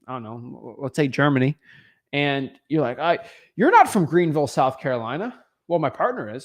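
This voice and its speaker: A man hosting a livestream, talking straight to viewers with energy and acting out little dialogues. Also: on the high side. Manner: energetic, talks to viewers directly, acts out quick dialogues. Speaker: host. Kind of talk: livestream coaching talk.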